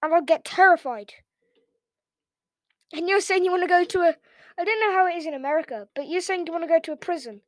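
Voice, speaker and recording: A woman's voice: very high-pitched, no echo. An English woman hosting a reaction video, ranting casually in a sarcastic, mocking way. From England. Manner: sarcastic and mocking, quick rants.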